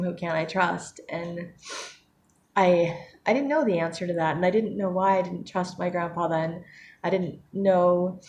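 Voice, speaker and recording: A woman's voice: lowish voice, darkish tone, slight background noise. A woman giving a candid, reflective vlog about trust and gratitude, rambling with many restarts and fillers, at times tearful. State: becoming tearful and emotional. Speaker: vlogger. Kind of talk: personal reflective talk to camera.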